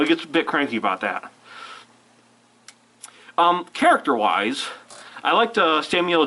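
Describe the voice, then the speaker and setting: A man's voice: on the high side, sharp tone, rough recording. A man with a cold giving a rambling, self-interrupting casual film review. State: fighting a cold. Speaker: movie reviewer.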